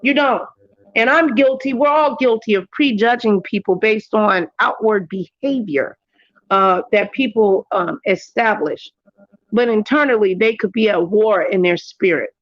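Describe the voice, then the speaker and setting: A woman hosts her own livestream, sharing stories in casual chat with animated energy and jumping into high voices for quotes. She speaks unhurriedly, and the audio has no echo but the highs are cut off.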